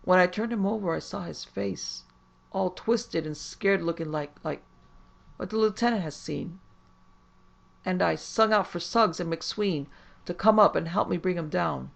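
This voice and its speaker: A woman's voice: lowish voice, a little slow, gravelly, pitched above the performer's own voice. A woman voicing a shaken, plain-spoken rustic cavalry corporal. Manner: folksy, plain-spoken, uneasy.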